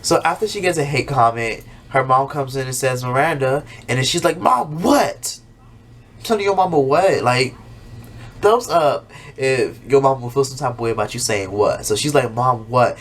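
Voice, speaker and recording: A man's voice: mid-range voice, normal speed, fairly bright tone. A man in the middle of his range talks through an episode in a loose, profane way, like a YouTuber chatting straight to his viewers. He keeps jumping into exaggerated voices to mimic the characters, and a faint hum of room ambience sits behind him. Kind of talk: casual, profane recap monologue.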